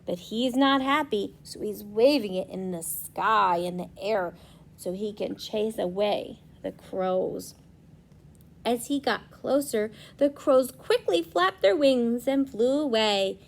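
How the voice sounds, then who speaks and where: A young woman, a preschool teacher, reading a storybook aloud to children and gently asking them questions. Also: on the high side, expressive, takes it slowly, vocal fry.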